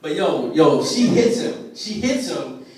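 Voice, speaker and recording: A man with a fairly high voice doing laid-back, streetwise stand-up and chatting with the crowd. The sound is very echoey and comes from a mic some way off. A busy dinner crowd sits behind him. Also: takes it slowly, distant mic. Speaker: stand-up comedian. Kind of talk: open mic stand-up comedy. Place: restaurant dinner show. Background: lively crowd laughing.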